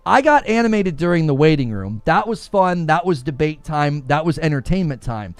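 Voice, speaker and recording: Animated snarky male streamer, gravelly. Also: a little high, normal speed, hardly any pauses, no room sound, soft background music. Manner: animated, snarky, laughs often. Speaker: gaming livestream host. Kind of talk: casual livestream chat.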